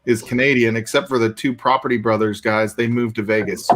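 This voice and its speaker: A man's voice: mid-range voice, fairly even intonation, a little fast, fairly bright tone, a little hiss or hum. A man from the United States chatting casually as co-host, laid-back with casual swearing. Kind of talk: casual chat.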